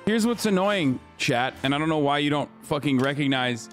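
A man's voice: fairly high pitch, lively intonation, normal speed. A man streaming a game, profanely ranting with an exasperated tone in casual commentary. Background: faint game music.

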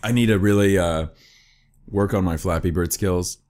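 A man's voice: sits low, normal speed. A young man giving joking gaming commentary while eating wasabi, groaning and yelping, his voice strained from the spice. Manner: excitable, joking, yelps and groans from spicy food. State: eyes watering, voice strained from wasabi. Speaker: gaming YouTuber.

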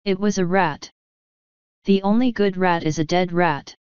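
A sharp-tongued, imperious girl in a storybook, blunt and scornful, as a woman narrator voices her. The voice is very clear and a little low. It is recorded dry and slightly dull. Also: fairly even intonation, unhurried, dry recording, natural voice.

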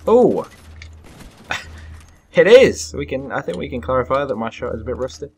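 A young man giving live commentary over his own gameplay, excitable and self-deprecating, breaking into sudden loud yelps. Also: mid-range voice, rapid-fire, gravelly, husky. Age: young adult. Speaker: gaming commentator.

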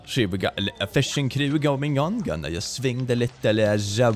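Sarcastic young man reacting with lively swings. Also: mid-range voice, measured pace. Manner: sarcastic, laughs often, puts on silly voices. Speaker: reaction video host. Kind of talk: reading and reacting to posts.

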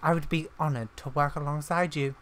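A woman's voice: deep voice, fairly even intonation, brisk, lightly acted. A woman reading aloud a grateful male archaeologist's lines from a game, in her own plain voice. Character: cheerful male archaeologist explorer.

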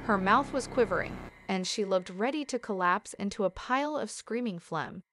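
A woman's voice: medium pitch, lively intonation, normal speed, background noise. A woman reading a horror story aloud as scripted narration, lightly voicing the quoted lines.

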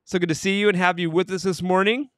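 A man's voice: high voice, steady tone, fast talker, no room sound, studio quality. A man hosting a cheerful morning livestream, reading viewers' comments aloud and blessing them. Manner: cheerful, upbeat greetings, warm blessings to viewers. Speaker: livestream host.

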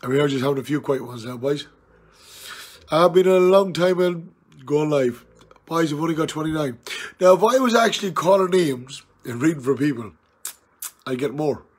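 A tipsy man with an Irish accent on a live stream, loudly teasing and challenging an old friend in rowdy banter. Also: fairly high pitch, lively intonation, normal speed, pauses often, husky. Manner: loud, jokey, challenging and teasing. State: tipsy from drinking.

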